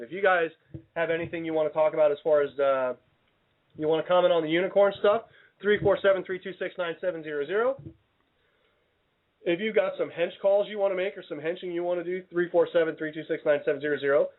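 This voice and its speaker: A man's voice: on the high side, fast talker. A man hosting a comedy radio show, rambling with stumbling restarts and mock indignation. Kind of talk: casual comedic radio banter. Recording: tinny phone-like radio sound.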